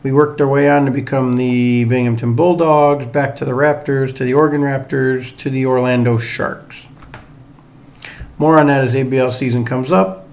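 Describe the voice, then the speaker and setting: This sports podcast host is a middle-aged man whose mid-range voice sounds a little mellow, with fairly even intonation at a normal speed. Running his casual solo show, he mixes a Northern US accent with a Southern drawl and chats on in a rambling, self-deprecating manner.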